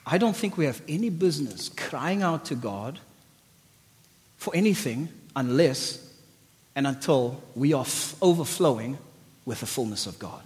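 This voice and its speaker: A man preaching an energetic sermon. He swings from shouted exclamations to low, intimate asides. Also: a little slow, long reverb tail.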